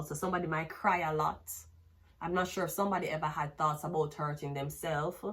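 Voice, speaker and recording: A woman giving a rambling, blunt tarot reading, crude and casual. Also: low-pitched. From Jamaica. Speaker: tarot reader.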